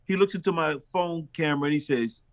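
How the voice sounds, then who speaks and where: A man, a pastor and street minister, telling stories in an interview in a lively, animated way. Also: quick pace. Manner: lively storyteller who acts out dialogue with big jumps in pitch.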